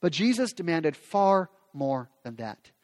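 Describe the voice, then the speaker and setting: A man's voice: a little high, very animated, measured pace, darkish tone. A man preaching a sermon as pastor, speaking with passion and acting out quoted prayers. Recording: long reverb of a large hall.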